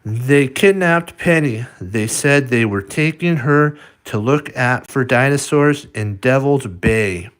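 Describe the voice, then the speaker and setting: Slow, halting man reading a storybook. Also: mid-range voice, fairly bright tone. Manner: halting, with restarts and asides to the viewer. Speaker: storybook reader. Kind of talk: reading a picture book aloud with commentary.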